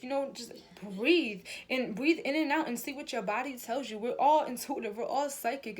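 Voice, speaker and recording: Young woman, fairly high voice, casual emphatic spiritual vlog talk, swears, says y'all. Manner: chatty, emphatic, swears freely, addresses viewers as y'all. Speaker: spiritual reader and vlogger.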